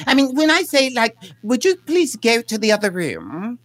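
Improv performer: woman, higher pitch, lively intonation, dry sound, teasing. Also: normal speed, no room sound. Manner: playful, teasing. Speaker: comedy improviser. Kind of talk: improv comedy sketch.

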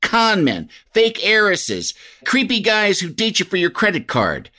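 A man's voice: high-pitched, huge pitch swings, measured pace, bright, forceful tone. Wry man reading a playful promo. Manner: wry, playful comedic delivery. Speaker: podcast promo presenter. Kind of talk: scripted promo read.

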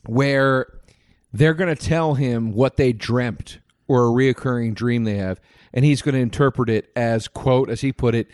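A man's voice: mid-range voice, a little slow, darkish tone, no echo, studio quality. A man telling a comedy-club story in casual chat, acting out the voices as he goes.

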